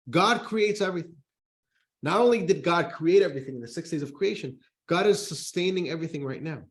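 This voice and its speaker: Male rabbi lecturer, slightly high voice, animated classroom explainer. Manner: animated teacher, reads text aloud then explains. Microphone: microphone in front of him.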